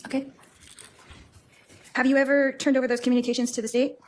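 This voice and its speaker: A woman cross-examining a witness in court with brisk, pointed questions. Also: high voice, little pitch movement, a little mellow, a little hiss or hum.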